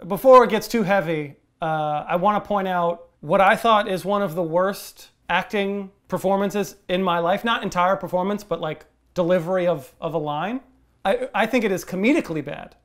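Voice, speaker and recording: Male podcast co-host with a high voice and an emphatic, laugh-prone delivery. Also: moderate pace. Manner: animated, emphatic, laughing often. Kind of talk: casual chat.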